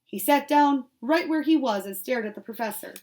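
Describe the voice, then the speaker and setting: A woman's voice: high voice, moderate pace, darkish tone. A woman reading a children's novel aloud, reading steadily and correcting her small slips as she goes. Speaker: audiobook reader.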